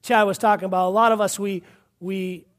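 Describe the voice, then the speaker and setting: A man's voice: high-pitched, level tone, brisk. A man from Massachusetts preaching a fervent sermon, repeating points and calling out hallelujahs. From Massachusetts, USA. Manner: fervent, repetitive, punctuated with hallelujahs.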